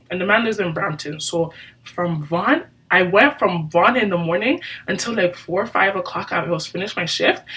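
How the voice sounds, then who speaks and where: Woman doing a chatty storytime vlog, kinda low voice, a bit far from the mic, acts out all the back and forth. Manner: animated retelling, acting out both sides. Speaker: beauty vlogger telling a story. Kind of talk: casual storytime chat.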